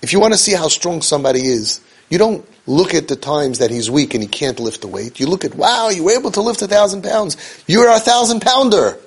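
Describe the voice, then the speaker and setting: Man, husky gravelly voice, slightly high pitch, emphatic inspirational storytelling. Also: animated, fairly quick. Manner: emphatic, repeats key phrases for effect; sprinkles Hebrew and Yiddish terms. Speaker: speaker on parenting and faith.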